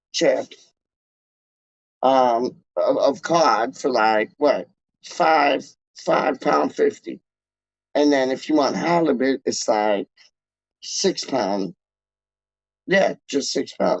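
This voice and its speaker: A man with a gravelly mid-range voice hosts a casual live stream, rambling in slang packed with filler words while reading out chat messages. The recording is dull, lo-fi and dry.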